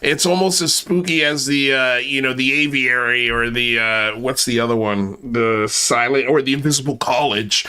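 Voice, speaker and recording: A man's voice: medium pitch, fairly even intonation, normal speed, few pauses, bright, forceful tone, smooth. A man hosting a commentary channel, speaking in sarcastic, mocking asides with exaggerated exclamations. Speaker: channel host.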